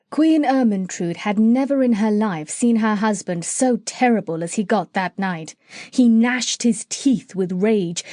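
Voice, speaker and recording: A woman's voice: on the high side, warm tone, no echo, studio quality. Woman reading a children's audiobook. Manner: reads aloud with character voices. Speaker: audiobook narrator. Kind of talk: storybook narration.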